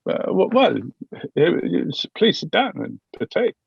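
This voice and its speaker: A man voicing a pompous, hesitant duke who speaks haltingly. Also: high-pitched, sing-song, creaky, breathy edge, no room sound, dull audio, voice pushed up, heavily acted. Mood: haughty. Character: pompous foreign-accented duke, male, middle-aged.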